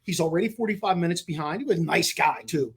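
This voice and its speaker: A man's voice: a little high, fast, creaky, husky. A man co-hosting a podcast, telling a travel story in casual chat and acting out the conversations he quotes. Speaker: podcast co-host.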